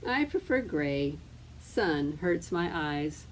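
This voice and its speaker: A woman's voice: sits low, big pitch swings, slight background noise, exaggerated voice. A woman doing a stubborn storybook squirrel. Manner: slow, firm, drawn-out refusals. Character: contrary, stubborn male squirrel.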